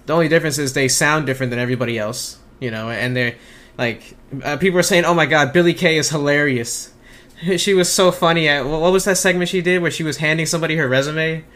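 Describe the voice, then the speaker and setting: A man's voice: a little high, fast talker, fairly bright tone. A man co-hosting a casual wrestling podcast, chatting with dry jokes. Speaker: podcast co-host.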